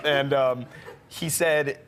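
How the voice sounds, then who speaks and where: A young man, a musician, excitedly tells a personal story in casual talk, laughing often and acting out what people said. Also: medium pitch, slow pace, a little hiss or hum. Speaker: musician guest. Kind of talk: casual anecdote.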